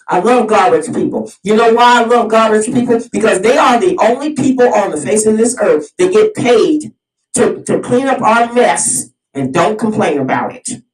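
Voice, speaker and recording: A fired-up woman hosts her own video series, preaching in a heated solo monologue. She keeps repeating and restarting phrases as she pushes her point. Her voice sits in the middle range and comes from some distance in a roomy, echoing space. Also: mid-range voice. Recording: roomy sound, mic at a distance.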